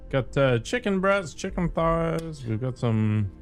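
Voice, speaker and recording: A man streaming a game live, chatting in a relaxed, rambling, joking way while he eats. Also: medium pitch, slow, few pauses. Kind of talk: casual live-stream chat. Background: game music.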